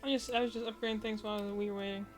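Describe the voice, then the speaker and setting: A woman's voice: fairly high pitch, little pitch movement, very fast, faint music behind. A woman streaming a video game, chatting casually with a dry, sarcastic wit. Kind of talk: casual gameplay chat.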